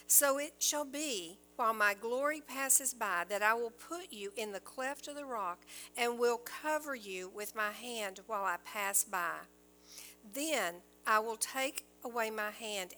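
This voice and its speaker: A woman's voice: a little high, pushed and bright, a little hiss or hum, low-quality recording. A woman giving an earnest Bible-teaching sermon, reading scripture aloud and explaining it, with small restarts as she goes.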